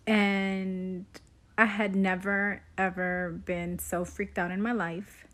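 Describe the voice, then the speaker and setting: Slow-talking woman telling an eerie story. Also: mid-range voice, fairly even intonation. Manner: slow, halting, unsettled retelling. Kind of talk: casual storytime.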